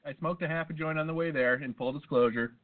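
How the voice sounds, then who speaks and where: A man's voice: fairly high pitch, fast. A man co-hosting a podcast, telling a long rambling story in casual chat, full of swearing and asides. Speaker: podcast co-host. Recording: tinny phone-like sound.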